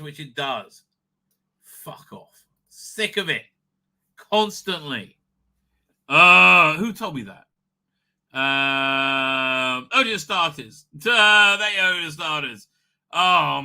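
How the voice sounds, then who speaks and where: A male streamer chats loosely to his audience, full of uhs and restarts. His voice is very bright and sits a little high. He swears freely when he gets worked up. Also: vocal fry. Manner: profane, ranting, many fillers. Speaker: livestream host. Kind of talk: rambling live stream chat.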